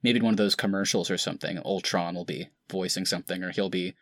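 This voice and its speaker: Low-ish guy hosting a podcast, chatty, lots of kinda's, dead dry mic. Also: steady tone, quick pace, fairly bright tone, no room sound. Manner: chatty, many "kind of" fillers. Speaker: podcast host. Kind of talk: casual chat.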